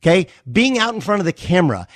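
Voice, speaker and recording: A man's voice: high-pitched, sing-song, fast, no room sound, studio quality. A man arguing hard in an on-air sports debate, emphatic and insistent. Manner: emphatic, insistent, repeats "okay?". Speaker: sports radio host.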